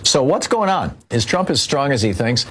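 A man's voice: mid-range voice, very animated, moderate pace, fairly bright tone, slightly rough. An older man telling a personal story in political commentary, rambling with many restarts and fillers.

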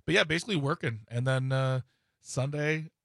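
A man's voice: mid-range voice, normal speed, vocal fry, fairly bright tone, no echo. Laid-back male regular, dry close sound, rambling plug-heavy chat. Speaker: comedy club promoter. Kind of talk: casual chat.

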